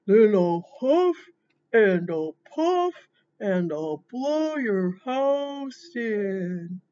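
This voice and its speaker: A big bad wolf calls out slowly and loudly at the door, as a woman puts him on for a children's storytime. The pitch swings widely and every word is stretched out. The recording sounds a little dull, with faint noise underneath. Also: very animated. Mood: demanding. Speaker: storytime presenter.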